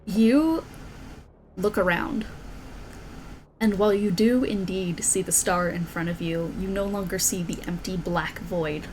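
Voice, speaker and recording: A woman running a tabletop game as dungeon master, narrating scenes slowly and intensely. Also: on the low side, a little hiss or hum, poor audio. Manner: slow, intense descriptive narration. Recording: faint background music.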